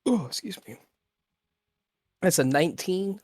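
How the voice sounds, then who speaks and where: A man playing a tabletop game, haltingly describing his character's actions in the third person. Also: sits high, animated, no room sound, studio quality. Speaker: player.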